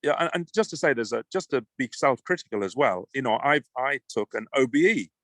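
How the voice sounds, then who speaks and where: A man's voice: mid-range voice, animated, brisk, a bit bright, no room sound. A British man speaks as an interview guest, passionate and emphatic. He often trips over the start of a sentence before pressing his point. The recording is dry, with no room sound. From United Kingdom. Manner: emphatic, passionate, repeats words when starting. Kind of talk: conversational interview.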